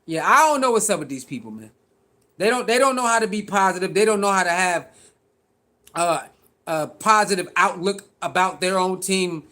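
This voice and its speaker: Here a man hosts laid-back sports reaction content in a high-pitched, animated voice with a sharp edge, speaking at a normal pace. His style is full of slang and repetition, and he addresses his viewers directly.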